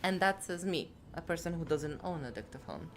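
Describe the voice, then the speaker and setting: A woman's voice: on the low side, animated, fairly quick. A woman streamer giving casual reaction commentary, emphatic and laughing often.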